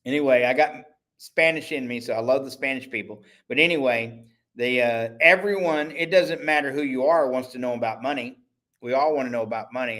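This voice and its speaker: A man's voice: medium pitch, a bit bright. Chatty, rambling male livestream host. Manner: rambling, self-correcting, chatty salesman. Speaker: host and network owner. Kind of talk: casual livestream talk.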